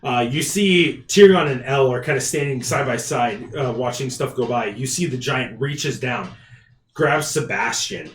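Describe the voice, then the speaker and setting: A man's voice: mid-range voice, normal speed. A man narrating a tabletop game as game master, often laughing and restarting his sentences. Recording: roomy echo, faint background noise.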